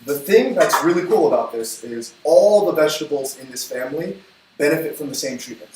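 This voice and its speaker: A man hosting a cooking livestream, talking in a chatty, upbeat way with quick asides while he cooks. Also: mid-range voice. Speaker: cooking show host. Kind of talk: casual cooking livestream chat. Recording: echoey room from far off, faint noise.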